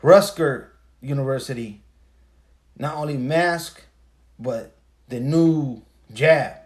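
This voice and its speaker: A podcast host with a mid-range, darkish voice speaks slowly as he tells a story in a casual ranting monologue. It's profane and emphatic, packed with rhetorical questions.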